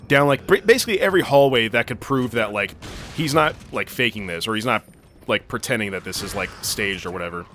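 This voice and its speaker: A young man co-hosting a gaming channel rambles through a long story packed with fillers and swearing as he plays. His voice is on the low side, expressive and brisk, with a fairly bright tone, in casual let's-play storytelling.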